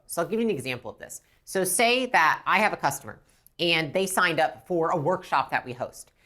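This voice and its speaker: A woman teaching a business lesson, talking bluntly and now and then acting out lines from customers and staff. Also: on the low side. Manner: animated, acts out customer and rep lines; blunt, swears casually. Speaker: business instructor.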